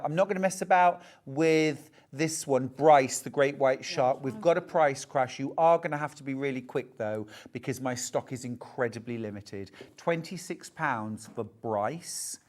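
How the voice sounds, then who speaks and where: A woman's voice: rumbling low, a little mellow. A woman presenting a live TV shopping show, enthusiastically pushing limited stock and counting down what's left. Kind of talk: live TV shopping sales chat.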